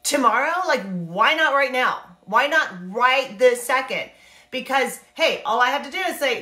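A woman giving a casual, animated Bible talk, chatty and acting out characters in quick asides. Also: high voice, echoey room. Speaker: Bible teacher and life coach. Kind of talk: casual Bible teaching to camera.

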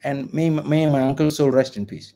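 A middle-aged Malaysian man speaks English with a distinct local accent, arguing his point over a video call with passion and insistence. His tone is dark and mellow, set a bit high for a man. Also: fairly even intonation, moderate pace. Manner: impassioned, ranting, argumentative. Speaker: lawyer and writer guest. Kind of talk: online video interview.

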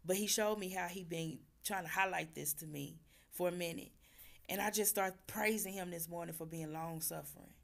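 A woman, hoarse from losing her voice, talking fervently to her viewers about faith and repeating phrases like a preacher. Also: on the low side. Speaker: vlogger. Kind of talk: casual faith talk to viewers.

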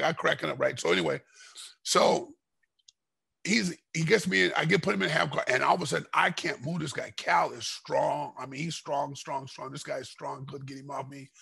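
A middle-aged man, a former fighter, telling a rambling story in a podcast interview and getting loud and heated as it goes. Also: a little high, creaky, breathy edge. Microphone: podcast microphone.

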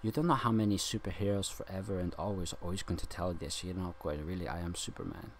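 A man's voice: low voice, quick pace, a little hiss or hum. A man talking in a rambling monologue that drifts between loose talk, nonsense syllables and chant-like sounds.

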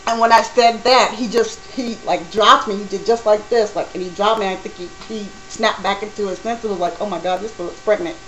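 A woman telling a personal story to camera in a casual, animated way, acting out what people said. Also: mid-range voice, moderate pace, hardly any pauses, slight background noise, rough recording. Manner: animated, acts out quoted dialogue.

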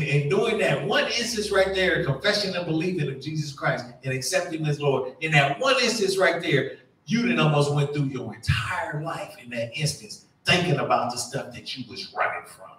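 High-voiced man preaching in an echoey church. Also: moderate pace, far from the mic, a little hiss or hum. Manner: animated preaching, acting out voices, dropping to a hush. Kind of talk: sermon. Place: church sanctuary.

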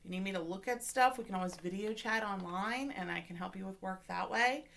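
A woman's voice: mid-range voice, brisk, creaky, fairly bright tone, a little hiss or hum. A woman teacher giving a remote reading lesson to children, patient and encouraging, often checking in with "okay?".

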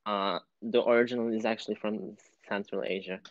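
Male guest, light Turkish accent, low-pitched, nervous and giggly, lo-fi stream audio. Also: fairly even intonation, a little fast. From Turkey. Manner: nervous, giggly, short replies. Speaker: interview guest. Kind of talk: casual live-stream chat.

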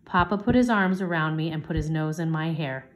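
A woman reads a chapter book aloud in a gentle storytime manner. Her voice sits on the lower side, and she lifts it brightly whenever a child speaks in the story. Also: brisk. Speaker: teacher reading aloud.

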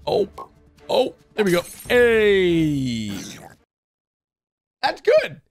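A man giving excited reaction commentary to animated clips, blurting out reactions and cheering the characters on. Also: sits high, extremely slow. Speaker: reaction video host. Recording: animation audio and music playing behind.

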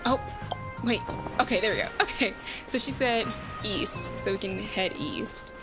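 A woman's voice: medium pitch, lively intonation, measured pace. A woman hosting a let's play, chatting casually with viewers and laughing often. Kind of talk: casual gameplay commentary. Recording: game music behind.

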